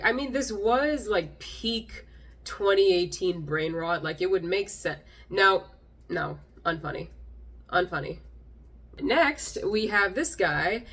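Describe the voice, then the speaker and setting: A woman's voice: mid-range voice, fairly bright tone. A woman hosting a comedic commentary video with a wry, sarcastic delivery. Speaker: host.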